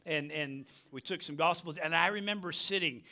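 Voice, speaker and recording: A man's voice: fairly high pitch, normal speed, bright, forceful tone. A middle-aged American man preaching a sermon, emphatic, repeating phrases and asking "right?" often. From United States. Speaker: pastor.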